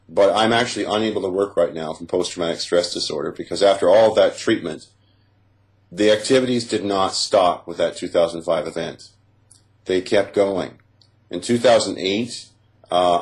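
A man with a very deep, low voice tells his own story as a personal testimony. He speaks haltingly and deliberately, with frequent fillers and restarts. He walks through each moment in careful detail.

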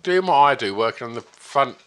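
A man's voice: medium pitch, fairly quick. A man hosting a podcast, telling stories in casual chat and acting out what others said. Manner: animated storyteller, voices others in quotes. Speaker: podcast host.

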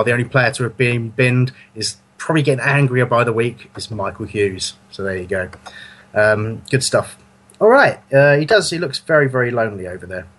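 A man's voice: medium pitch, fairly bright tone. Rambling podcast host, chatty man. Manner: rambling, self-correcting, chuckling. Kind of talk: casual football fan podcast chat.

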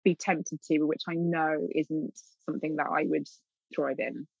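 A woman's voice: low-pitched, fairly even intonation, measured pace, vocal fry, a little mellow, husky, dry recording. A woman in an interview, a literary agent telling stories candidly and acting out her own past remarks with lots of laughter. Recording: dull, dry sound.

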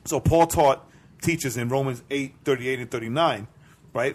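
An earnest man co-hosts a casual faith podcast with a husky edge to his voice. He explains his beliefs in a preachy, measured way and keeps asking "right?" to pull the listener along. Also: medium pitch. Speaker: podcast co-host.

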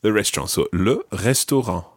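A man hosting a podcast language lesson, patiently repeating words slowly for practice. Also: fairly low pitch, animated, dry recording, clean studio sound. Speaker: language teacher and podcast host.

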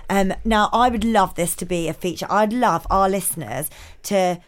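A woman's voice: medium pitch, moderate pace. A woman co-hosting a podcast in casual chat, blunt and chatty, swearing freely. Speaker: podcast co-host.

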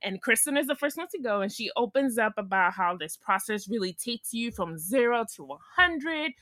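A woman with a bright, sharp voice and a high pitch recaps a reality show in casual chat. Her delivery swoops up and down as she swears freely and laughs a lot. The sound is dry and close. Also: expressive, moderate pace, dry recording. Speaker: podcast co-host.

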